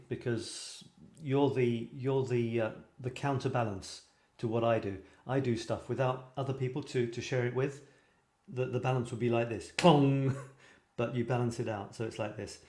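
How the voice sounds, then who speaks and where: A man from Britain, speaking British English, hosts a live creative writing show where he reads viewers' work aloud and chats in a rambling, self-deprecating style. His voice is mid-range with a darkish tone, heard in a roomy echo.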